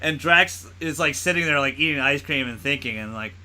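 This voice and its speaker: A man's voice: fairly high pitch, brisk, background noise. A man co-hosting a podcast, rambling through a casual movie chat with lots of laughing and swearing. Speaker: podcast co-host.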